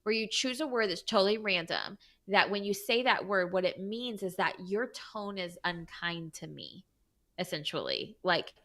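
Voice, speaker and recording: Woman, bright voice, curious questions, laughs, casual podcast chat. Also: medium pitch, animated. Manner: curious, quick reactions, laughs. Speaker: podcast co-host.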